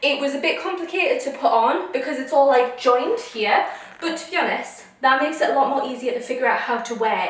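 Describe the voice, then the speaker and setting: A woman's voice: fairly high pitch, a bit bright, distant mic. A young woman vlogging a try-on haul, ranting in an exasperated way. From United Kingdom. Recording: echoey room, voice a little off mic.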